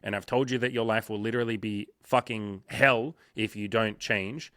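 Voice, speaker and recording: Guy coach ranting casually, lots of swearing, lowish bright voice, dry close sound. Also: fairly even intonation, moderate pace, no echo. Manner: profane, emphatic, acts out sales calls in quoted voices. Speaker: dating and life coach. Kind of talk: casual podcast conversation.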